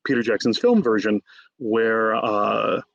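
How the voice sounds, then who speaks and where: A man's voice: lowish voice, a little slow, vocal fry, no room sound, lo-fi sound. Man telling stories as an author. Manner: animated storyteller, acts out quotes. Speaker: author guest. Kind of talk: conversational interview.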